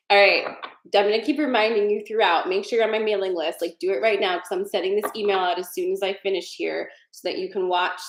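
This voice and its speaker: A woman hosting a casual live tarot card reading, chatty and digressive, laughing often. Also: mid-range voice. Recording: roomy echo.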